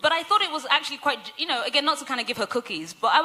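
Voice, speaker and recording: A woman's voice: high-pitched, animated, rapid-fire, bright, forceful tone. A woman on a symposium panel, telling stories in a chatty way, correcting herself and laughing often. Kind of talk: conversational panel discussion.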